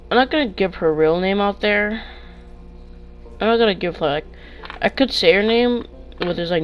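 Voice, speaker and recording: A man's voice: on the high side, low-quality recording. Rambling young guy telling stories. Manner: rambling, restarts often, loud excited retellings. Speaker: vlogger. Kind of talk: casual storytime. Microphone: clip-on mic.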